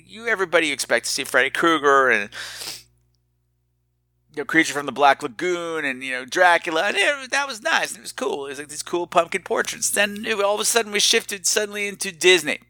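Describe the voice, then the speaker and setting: A man hosting a podcast, telling a rambling, self-mocking story in a casual, animated way. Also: high voice, fairly quick, dry recording. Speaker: podcast host.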